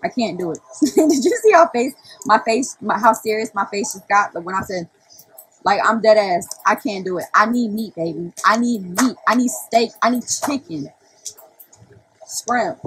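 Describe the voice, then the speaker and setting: A woman's voice: mid-range voice, normal speed, fairly bright tone, a little hiss or hum, low-quality recording. A young woman chatting on a live stream to her viewers, brash and profane, laughing often. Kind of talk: casual livestream chat to viewers.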